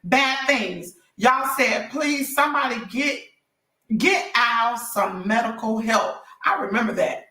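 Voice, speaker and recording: Hoarse chatty woman livestreaming gossip. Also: on the high side, slow pace, pushed and bright, echoey room, distant mic. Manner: chatty, addresses viewers directly as y'all. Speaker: celebrity gossip livestream host. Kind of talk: casual livestream chat.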